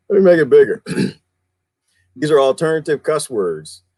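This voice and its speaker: A man's voice: fairly high pitch, sing-song, slow, darkish tone, breathy edge, dry recording. A middle-aged man with a Southern US accent, chatting casually on a livestream and laughing often as he reads lists aloud. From American South. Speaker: livestream host.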